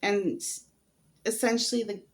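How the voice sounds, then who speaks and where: A woman's voice: medium pitch, steady tone, a little slow. A woman telling her own story in a vlog, hesitant and candid, with many fillers and some laughs. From United States. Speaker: vlogger.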